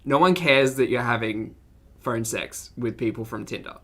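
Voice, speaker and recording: A woman's voice: extremely low pitch, normal speed, fairly bright tone. A woman giving live-stream reaction commentary in a blunt, sarcastic, exasperated way.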